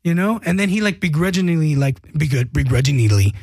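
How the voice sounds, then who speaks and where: A man with a fairly high voice tells stories in casual chat as a guest musician. He swears freely and acts out other people's lines. The recording is dry and close. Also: brisk, dry recording. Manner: animated storytelling, profane, acts out quotes.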